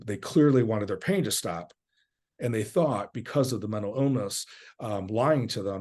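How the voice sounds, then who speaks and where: Low-voiced halting male podcast host. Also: a little mellow. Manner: halting, many restarts and fillers. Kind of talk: casual interview.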